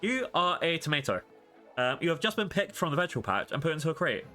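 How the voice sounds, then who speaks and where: A man's voice: a little high, sing-song, fast talker, sharp tone, soft background music. A man voicing an eccentric female scientist who is curious, blunt and matter-of-fact, reading game dialogue aloud. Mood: clinical.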